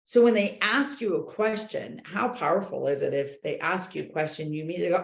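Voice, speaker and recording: A woman coaching a book club group, talking in an animated, chatty way with many fillers. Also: fairly low pitch, brisk, gravelly, hardly any pauses, roomy sound. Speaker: real estate coach leading a book club. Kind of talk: casual group talk, reading and commenting.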